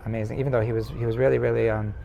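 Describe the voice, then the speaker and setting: A male rabbi leads an informal class, narrating a story with lots of false starts and repeated words. His voice is gravelly and creaky. A faint hiss runs under the recording. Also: medium pitch, highs cut off. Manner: halting, many restarts, animated when telling the story. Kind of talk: casual storytelling lesson.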